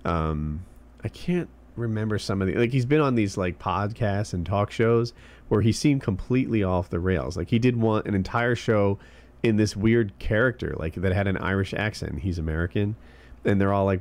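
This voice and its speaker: Laid-back low-voiced man rambling on a podcast. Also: normal speed. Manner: relaxed, rambling, trailing fillers. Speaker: podcast co-host. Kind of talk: casual podcast chat, reading tweets aloud.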